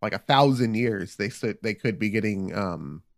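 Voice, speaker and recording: A man's voice: lowish voice, expressive, normal speed, no room sound, clean studio sound. A man in casual comedic chat, riffing loosely and swearing, slipping into silly bits. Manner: riffing, profane, acting out bits.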